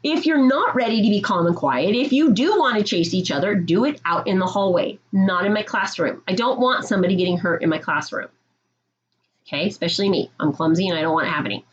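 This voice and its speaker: A woman teacher sets out the rules for her middle school class, firm and direct, checking in with a steady "okay?" as she goes. Her voice sits at an ordinary middle pitch. The recording sounds slightly dull and lo-fi. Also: a little fast. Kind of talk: classroom rules talk to students.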